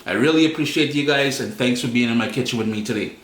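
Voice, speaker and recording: A man's voice: medium pitch, fast talker, fairly bright tone. A man with a Caribbean accent hosting a cooking demonstration in his home kitchen, chatting playfully to viewers with asides. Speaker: cooking show host. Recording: echoey kitchen with utensil clatter. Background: clinking dishes and cutlery.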